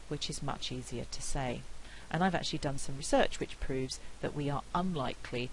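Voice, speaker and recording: Low-voiced British woman lecturing. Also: animated, poor audio. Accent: non-rhotic British English. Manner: clear, deliberate demonstrations of example phrases. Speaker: university phonetics lecturer. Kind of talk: academic lecture. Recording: faint hiss.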